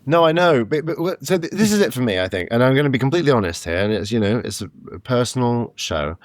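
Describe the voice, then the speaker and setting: Animated joking man, swinging pitch. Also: fast talker, no echo. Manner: joking, animated, casual swearing. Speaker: podcast co-host. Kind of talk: casual chat.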